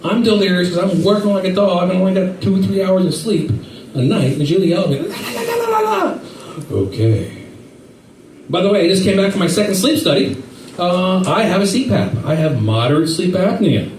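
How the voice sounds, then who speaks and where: A man doing a stand-up set, telling rambling stories in an animated way with silly voices. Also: sits high, brisk. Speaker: stand-up comedian. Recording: echoey room from far off with faint noise.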